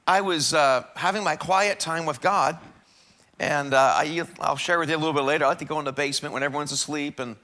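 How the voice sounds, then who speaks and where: A man's voice: a little high, sharp tone. A man preaching a sermon as pastor in a church, talking in a conversational way and often repeating words as he builds a point. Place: church sanctuary.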